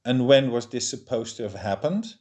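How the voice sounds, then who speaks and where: A man's voice: medium pitch, animated, normal speed, darkish tone, lightly acted. A man reading the lines of a suspicious, dismissive male rock singer in a storybook, with a cool, scornful manner.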